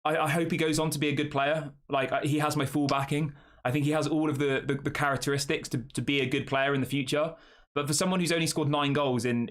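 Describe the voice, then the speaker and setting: A young man hosts a relaxed live stream. He talks in a chatty, rambling way, reads out comments from viewers and answers them. His voice sits at an ordinary middle pitch. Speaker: fan channel host. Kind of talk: casual live-stream chat.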